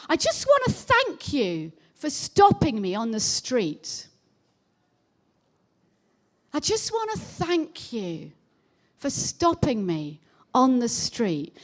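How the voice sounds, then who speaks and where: A middle-aged woman gives a sermon in a high voice that swoops up and down. She tells her stories in a chatty way and acts out the people she quotes. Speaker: guest speaker. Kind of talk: sermon with storytelling.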